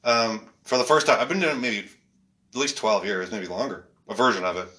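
A male stand-up comedian telling stories in casual chat, animated and laughing often, swearing freely. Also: lowish voice, moderate pace. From Canada.

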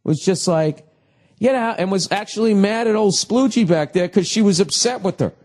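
A man's voice: high-pitched, normal speed, darkish tone. A man co-hosting a comedy podcast, telling a crude, rambling story full of profanity. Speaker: podcast co-host.

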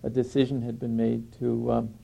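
A man reflectively recalling his past, speaking thoughtfully with many pauses. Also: mid-range voice, flat delivery, vocal fry, mellow, low-quality recording. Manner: thoughtful, halting with fillers. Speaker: former draft resistance organizer. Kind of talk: reflective reminiscing.

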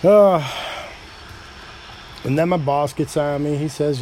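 A man's voice: a little high, a little slow, pauses often, darkish tone, a little hiss or hum. A middle-aged man with an upstate New York accent, hosting a loose, rambling solo podcast, swearing and joking at himself, a bit tipsy after a few drinks. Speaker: podcast host.

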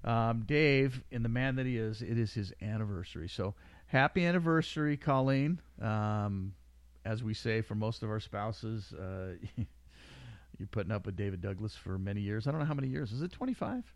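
A middle-aged man hosts a casual podcast in a low voice, rambling and laughing as he jokes. His voice sounds dry and close, with no room around it. He drifts from one thought to the next in a loose, easygoing way. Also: lively intonation, normal speed, no echo. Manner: rambling, joking, laughs often. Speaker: podcast host. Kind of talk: casual chat. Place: small studio room.

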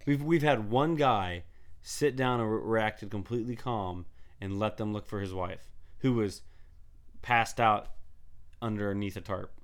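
A man's voice: lowish voice, a little slow. A man co-hosting a podcast in casual chat, a bit congested with a raw throat, rambling through a story and acting out the quotes. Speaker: podcast co-host.

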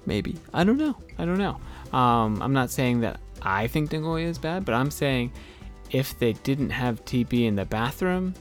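Man, mid-pitched, relaxed English teacher, chatty with fillers, faint guitar music underneath. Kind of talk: casual spoken English lesson.

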